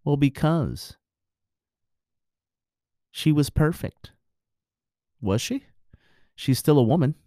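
A man's voice: a little high, animated, slow pace, long pauses, dark tone, no echo, clean studio sound. A married man giving his views in a blunt, preachy, profane casual monologue.

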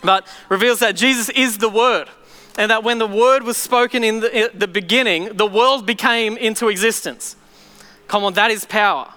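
A man preaches to a congregation, his voice high and bright with a smooth, clear ring. He tells stories with lively energy and slips into acted voices. The sound carries a long hall reverb with faint music behind. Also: moderate pace. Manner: animated storytelling, acting out voices. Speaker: pastor. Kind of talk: sermon.

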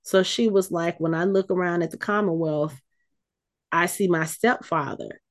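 A woman co-hosting a casual chat, retelling a scene with lively, acted-out quotes. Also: lowish voice, moderate pace. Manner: animated storytelling, acts out quotes. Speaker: podcast co-host recapping a TV episode.

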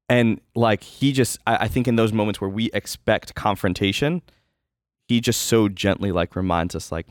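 Earnest man, low voice, candid chat. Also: normal speed, no echo, clean studio sound. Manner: earnest, candid, talks in fillers and restarts. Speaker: co-host. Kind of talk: casual podcast chat.

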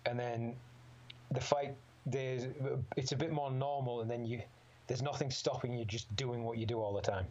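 A man talking casually about fighting, rambling, swearing freely and laughing often. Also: medium pitch. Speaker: amateur MMA fighter guest. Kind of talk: casual chat. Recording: slightly dull lo-fi sound.

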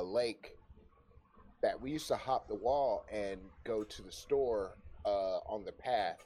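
A young adult man telling a story in a casual chat, swearing freely, animated, and often breaking into laughter. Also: fairly low pitch, a little hiss or hum. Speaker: podcast guest telling a story.

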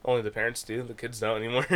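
Young man, podcast co-host, relaxed, slangy, lots of filler words. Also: medium pitch, fast talker. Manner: laid-back, slangy, fills with "like" and "dude". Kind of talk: casual chat.

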